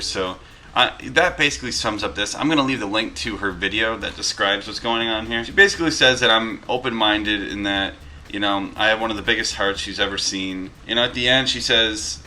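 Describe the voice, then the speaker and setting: A man's voice: fairly low pitch, pushed and bright, a little hiss or hum. A man in his thirties from Western New York, chatting casually as he reads viewer mail aloud with asides, at home with his dogs. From Western New York, USA. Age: 30s. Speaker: vlogger reading viewer mail. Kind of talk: casual vlog. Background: dogs wrestling.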